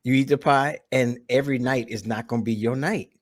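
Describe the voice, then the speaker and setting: A man's voice: mid-range voice, steady tone, fairly quick. A man hosting a casual podcast, mostly backing up his guest with short agreeing remarks. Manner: agreeable listener, short affirmations. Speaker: podcast host.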